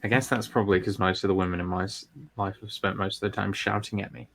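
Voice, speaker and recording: A man's voice: lowish voice, fairly even intonation, fast, gravelly, a bit bright, a little hiss or hum. A man playing a tabletop game, chatting casually and joking with the group. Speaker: player. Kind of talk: casual chat between players.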